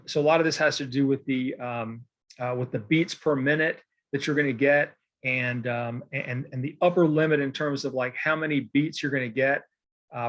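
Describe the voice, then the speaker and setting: A man teaching a recorded poetry lesson in a casual, rambling way, checking in with "okay?" and filling pauses with "um" and "uh". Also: on the high side, fairly bright tone. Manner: casual and digressive, with many fillers and "okay?" check-ins. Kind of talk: recorded lecture with slides.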